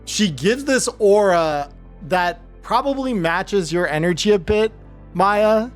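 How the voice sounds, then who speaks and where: A man narrates a tabletop game as game master, speaking very slowly and leaning on fillers as he describes each scene. His voice sits a little high for a man. Soft music plays faintly under him. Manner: slow, relaxed, with frequent fillers.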